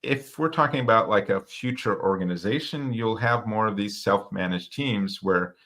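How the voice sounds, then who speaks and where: A man's voice: fairly low pitch, normal speed, a bit bright. A man co-hosting a podcast, speaking reflectively and thinking ideas through aloud. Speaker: podcast co-host. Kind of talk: casual discussion.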